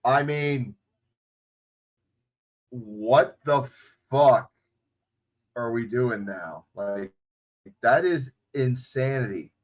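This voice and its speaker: A man's voice: mid-range voice, drawn-out words, pauses often. A man hosting a livestream, chatting casually and swearing freely, recorded on a phone. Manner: profane, off-the-cuff, chatty. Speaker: livestream host.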